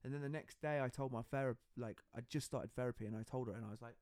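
A man's voice: medium pitch, fast talker, darkish tone, no echo, clean studio sound. A man hosting a casual podcast conversation, talking openly and confidingly and acting out the dialogue he quotes. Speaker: podcast host.

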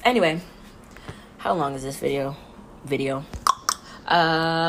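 A woman's voice: medium pitch, very animated, moderate pace, pauses often, fairly bright tone, a little hiss or hum. A young woman and mom rambling in a casual podcast monologue, jittery from too much coffee and laughing often. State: over-caffeinated jitters.

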